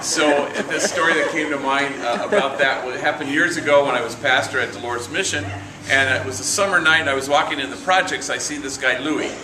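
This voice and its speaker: A middle-aged priest giving a relaxed storytelling reflection at a morning meeting, sprinkling in Spanish slang and acting out the voices of the people he quotes. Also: medium pitch. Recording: echoey room, from far off, noisy.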